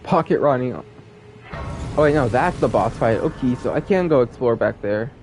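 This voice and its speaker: A man streaming a game live, chatting casually and rambling in an excitable, gushing way. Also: medium pitch, moderate pace, faint music behind.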